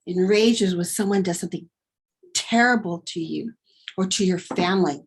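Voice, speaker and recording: A woman's voice: lowish voice, slightly rough. A woman teacher modeling a vocabulary lesson, acting out feelings in her examples and then explaining her method. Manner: expressive, acts out emotions in examples, slow deliberate delivery. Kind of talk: teacher demonstration.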